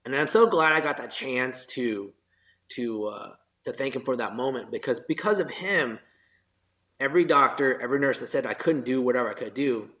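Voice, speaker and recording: A man's voice: mid-range voice, moderate pace, a bit bright. A man, a military veteran, earnestly telling his personal story as a guest in a podcast interview, with many fillers and tag questions.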